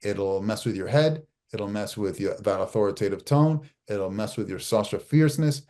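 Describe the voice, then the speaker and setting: Middle-aged man, media trainer, warm mellow voice, emphatic coaching, repeats key phrases. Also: lowish voice, lively intonation, moderate pace. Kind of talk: live online masterclass teaching.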